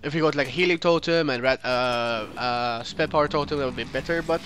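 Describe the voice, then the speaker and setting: A man's voice: mid-range voice, a little fast, fairly bright tone, soft background music. A man narrating his own card game run as a let's play host, thinking aloud, correcting himself mid-sentence and picking apart his opponent's moves. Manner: critiques the opponent's plays. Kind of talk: gameplay commentary.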